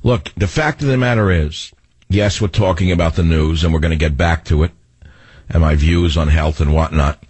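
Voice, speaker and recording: An older man hosting a radio talk show, rambling through stories with restarts and lively asides. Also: extremely low pitch, moderate pace, husky, dry recording. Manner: rambling, animated storytelling with restarts. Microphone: studio microphone.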